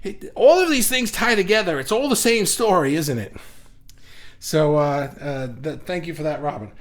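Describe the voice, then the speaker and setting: Energetic man hosting a livestream. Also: fairly high pitch, normal speed. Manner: energetic, animated, repeats himself with restarts. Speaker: livestream host. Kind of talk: casual live chat reading viewer comments.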